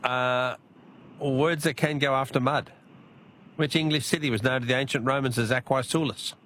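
A man's voice: medium pitch, steady tone, moderate pace, a bit bright, slight background noise. A man hosting a call-in radio quiz, bantering with callers and laughing often.

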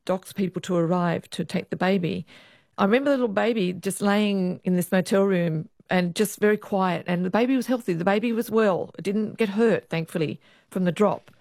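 A woman's voice: medium pitch, moderate pace, vocal fry, no room sound, studio quality. Woman telling police stories. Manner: lively storyteller, acts out quoted voices. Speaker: retired police officer, guest. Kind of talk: storytelling interview.

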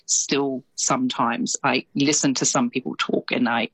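A woman with a low, deep voice and an Australian accent chats her way through a radio report. She is lively and quick to laugh. The sound is close and dry, with no room around her. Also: husky, no room sound, rough recording. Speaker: radio correspondent. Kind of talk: casual radio chat.

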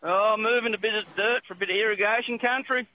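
A man's voice: sits high, fairly even intonation, quick pace. A man with an Australian accent calling in to a radio show, laconic and plain-spoken. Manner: laconic, calls everyone mate. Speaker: caller. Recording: dull phone line with faint hiss.

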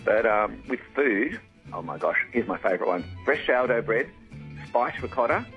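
A man's voice: medium pitch, animated, normal speed, faint music behind. A man, a beekeeper guest on a radio phone interview, talking enthusiastically with many stumbling restarts. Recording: tinny phone line.

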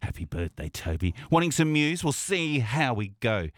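A man's voice: medium pitch, big pitch swings, normal speed, no echo, clean studio sound. A man presenting a radio show, chatting between songs in an effusive, emotional way with fillers and laughter. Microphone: studio microphone.

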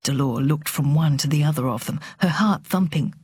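A woman reading a novel aloud on radio with expressive, dramatic narration. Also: low voice, moderate pace, hardly any pauses, slightly rough, no echo. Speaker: book reader on radio.

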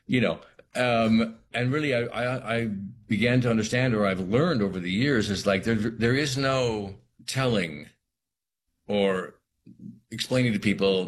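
A middle-aged man speaking as an actor guest in an interview, thoughtful and halting with many restarts. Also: lowish voice, a little hiss or hum. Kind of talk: reflective interview talk.

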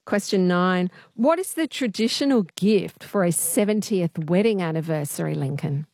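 A woman hosting a radio quiz, chatty and quick to laugh. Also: fairly low pitch, animated, a little mellow, no echo. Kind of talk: casual talkback radio chat.

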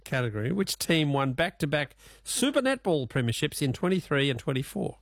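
A man's voice: a little high, very animated, brisk, no echo, studio quality. A man with an Australian accent hosting a casual radio quiz, joking and laughing with callers. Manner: jokey, laughs often, teasing callers.

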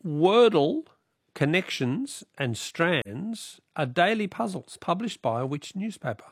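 A man's voice: high voice, sing-song, slow pace, husky, no echo, studio quality. A man with an Australian accent hosting a radio call-in quiz, chatting with callers and reading out the questions. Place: radio studio.

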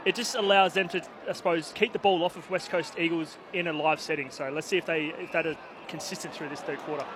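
An Australian man with a high-pitched voice chats as a former player in the commentary box. He tells stories with a laugh, with clear noise behind him. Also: fairly even intonation, fast. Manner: laughing, chatty storytelling. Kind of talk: casual sports commentary banter.

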